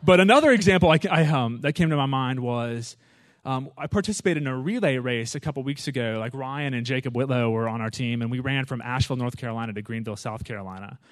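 A man preaching in a conversational, animated way, often asking the audience "right?" and "you know". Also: mid-range voice, quick pace, no echo, clean studio sound. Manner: animated, acts out his own prayers with rising intensity. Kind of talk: conversational sermon.

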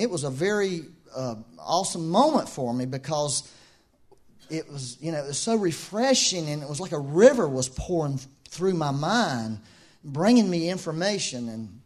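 A man preaching a sermon in a conversational, animated way, with asides and laughs. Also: a little high.

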